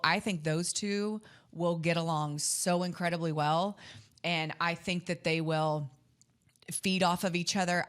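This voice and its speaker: A woman's voice: sits low, a bit bright. A woman co-hosting a podcast, chatting enthusiastically about sports with lots of restarts. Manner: chatty, self-interrupting, enthusiastic. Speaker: podcast co-host and sports reporter. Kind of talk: casual sports chat.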